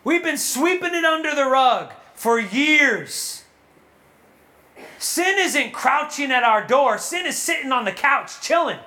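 A woman giving a sermon to young adults at a retreat, animated and asking the audience questions. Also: sits high, slow pace. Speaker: retreat speaker. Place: retreat hall.

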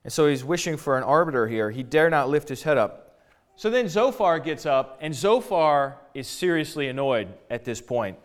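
A man's voice: fairly high pitch, big pitch swings, normal speed. A man preaching from the Bible in a casual, conversational way, paraphrasing in modern slang and often repeating words as he goes.

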